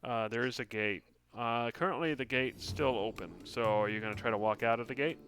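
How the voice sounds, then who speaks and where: A man's voice: mid-range voice, brisk, a bit bright, soft background music. A man acting as game master, describing the scene in a rambling, hesitant way with many fillers and restarts.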